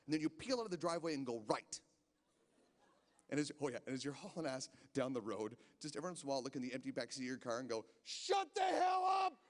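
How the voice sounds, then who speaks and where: A man doing a rambling stand-up set in a casino, stammering through restarts. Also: fairly high pitch. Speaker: stand-up comedian. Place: casino stage. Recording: long hall reverb from a live venue.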